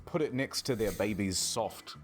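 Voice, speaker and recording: A man's voice: lowish voice, normal speed, a little hiss or hum. A man co-hosting a reaction show, swapping anecdotes and laughing often in casual chat. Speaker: reaction channel co-host.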